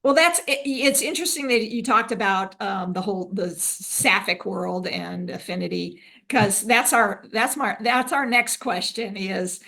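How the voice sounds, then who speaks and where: A woman's voice: mid-range voice, unhurried, gravelly, few pauses, bright, forceful tone. A woman podcast host interviewing a guest in a conversational, affirming way.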